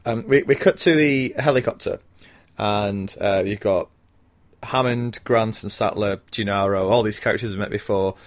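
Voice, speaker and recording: A man's voice: fairly low pitch, moderate pace. A man in his thirties co-hosting a casual film podcast, often laughing and talking with many fillers and restarts. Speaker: podcast co-host.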